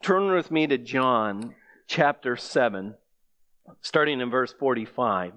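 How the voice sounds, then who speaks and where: A man's voice: mid-range voice, animated, slow, a bit bright. A man preaching a sermon, reading scripture aloud and pressing the listeners with rhetorical questions. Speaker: pastor.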